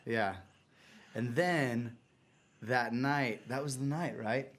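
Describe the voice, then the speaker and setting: Male musician guest, relaxed, easygoing storyteller in a radio interview. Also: mid-range voice, slow. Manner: laid-back, laughing, storytelling. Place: station listener lounge with live audience.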